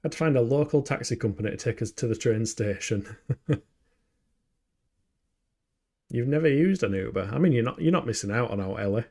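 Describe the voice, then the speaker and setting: A man's voice: medium pitch, animated, fast talker, darkish tone. A young man streaming a game, chatting with his viewers and muttering to himself as he plays. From Yorkshire, England. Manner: chatty, self-mocking, mutters to himself while playing. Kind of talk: casual gameplay stream chat.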